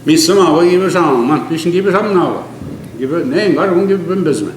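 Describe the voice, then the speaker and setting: An older man giving an oral history, earnest and emphatic, mixing an Indigenous language with English, often dropping to a low quiet tone. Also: lively intonation, fast, slight background noise. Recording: echoey room with faint ambience.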